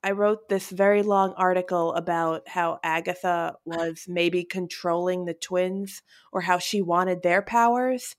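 A woman's voice: lowish voice, fairly even intonation, measured pace, few pauses. A woman co-hosting a casual podcast chat, given to teasing, laughing interjections. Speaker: podcast co-host who writes articles.

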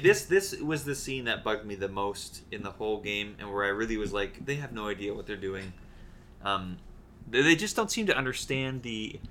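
A man's voice: fairly low pitch, sharp tone, a little hiss or hum. A man in a casual podcast chat about a video game, ranting in an exasperated, profane way. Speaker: podcast co-host.

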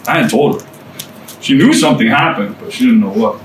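Earnest yet conversational, an American man preaches his testimony to a small group, tossing in casual asides in an animated, medium-pitched voice that moves a little fast. The recording sounds roomy, with a distant mic and faint room noise.

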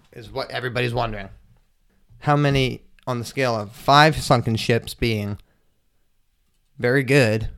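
A man's voice: medium pitch, fairly bright tone, clear, resonant tone, no echo, studio quality. A young man hosting his own podcast, telling loose, profane, jokey stories in a casual rambling monologue. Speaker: podcast host.

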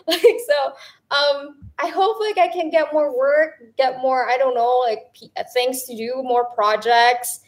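A woman's voice: high-pitched, a little slow. A young woman, chatting as a guest in a casual, bubbly, rambling way and laughing often. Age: young adult. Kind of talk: casual chat.

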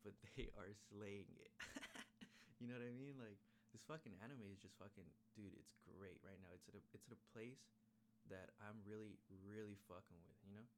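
A man with a somewhat low voice hosts a casual podcast. He rambles along in easygoing slang and swears often. His talk is loose and chatty. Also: normal speed, a little hiss or hum. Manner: laid-back, rambling, heavy swearing and slang. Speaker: podcast host. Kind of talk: casual chat recapping an episode.

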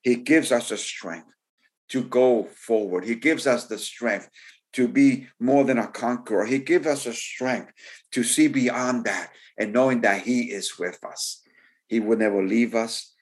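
A male preacher delivering a sermon in a voice of ordinary pitch. He builds his phrases through repetition and breaks out in fervent exclamations. His speech is full of stumbling restarts. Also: measured pace. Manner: stumbling restarts, repeating words.

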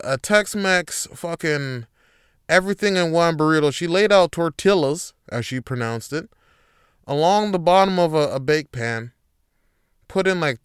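A man's voice: a little high, clean tone, dry recording, clean studio sound. Profane ranting man hosting a podcast. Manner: profane, animated ranting with laughs; frequent fillers and restarts. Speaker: podcast host. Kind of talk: casual chat.

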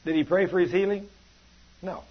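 A man's voice: high voice, moderate pace, husky, highs cut off. A man preaching a sermon, folksy and plainspoken, his delivery swelling and dropping. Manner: folksy, rising and falling preaching cadence.

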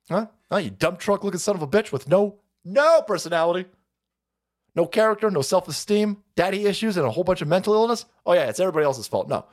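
A foul-mouthed man rants through a live-stream commentary. His voice sits high for a man and swings widely up and down. He mocks his targets, laughs often and bursts into shouts.

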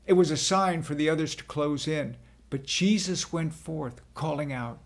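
A man narrating a dramatic first-person scripture reading in a slow, earnest storytelling manner. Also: on the high side.

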